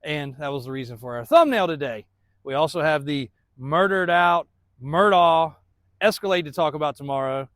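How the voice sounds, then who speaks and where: Chatty man with a higher, dry voice. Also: lively intonation, moderate pace, a bit bright, no echo. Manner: rambling, chatty, laughs often. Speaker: truck shop owner and vlog host. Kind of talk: casual walkaround shop update. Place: outdoor truck lot at a shop.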